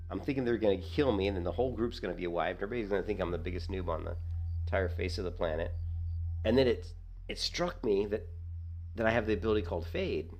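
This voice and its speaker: Man, low voice, casual gaming chat, storytelling, lively quoting. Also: fast talker. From United States. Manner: storytelling, jumps high when quoting himself. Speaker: gaming streamer.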